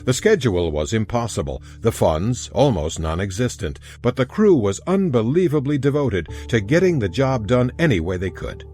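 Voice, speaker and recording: A man narrating a historical audiobook in an expressive storytelling manner. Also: mid-range voice, normal speed, hardly any pauses, faint music behind. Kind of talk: scripted narration.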